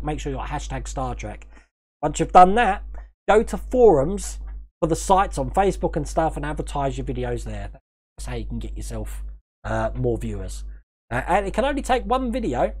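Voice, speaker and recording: A man's voice: fairly high pitch, darkish tone. A British man hosting a casual livestream, rambling, chuckling often and thanking viewers by name. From United Kingdom. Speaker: livestream host.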